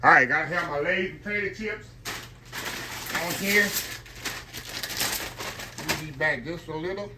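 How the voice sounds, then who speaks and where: Cooking at home, a middle-aged vlogger talks straight to his viewers as "y'all" in a folksy, chatty way. His voice runs on the high side, a little slow with long pauses, against background noise in the kitchen.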